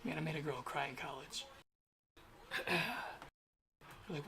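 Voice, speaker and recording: A man's voice: on the high side, animated, moderate pace, gravelly, long pauses, a bit bright, a little hiss or hum. A young man talking to himself as he codes on a stream, rambling and grumbling in a casual way. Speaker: programmer streaming his coding. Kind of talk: casual thinking aloud while coding.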